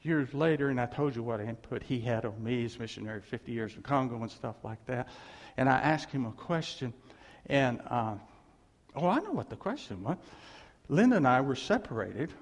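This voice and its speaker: A man preaching in a storytelling sermon style, animated and laughing as he acts out what others said to him. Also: mid-range voice, moderate pace. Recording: long hall reverb.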